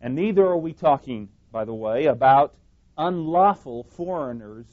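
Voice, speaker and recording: A man delivers a sermon in an emphatic way, circling back over his own phrases and correcting himself mid-sentence. His voice sits at an ordinary middle pitch. The recording sounds a little dull and lo-fi. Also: animated, normal speed. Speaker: preacher.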